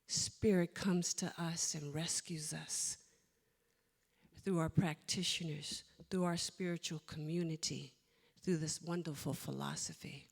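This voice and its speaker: Slow emotional woman preaching in a hall. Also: lowish voice. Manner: slow, emotional, storytelling delivery with soft whispered asides. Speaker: minister. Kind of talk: sermon. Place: church sanctuary. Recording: long hall reverb.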